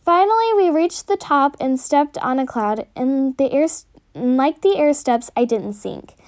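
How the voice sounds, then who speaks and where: High-voiced woman reading a storybook. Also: unhurried. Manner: earnest, steady reading aloud. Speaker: reader of her own story.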